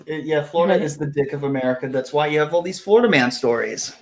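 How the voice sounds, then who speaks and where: A speaker trading quick, teasing remarks in a casual live-stream chat. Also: mid-range voice, noisy background.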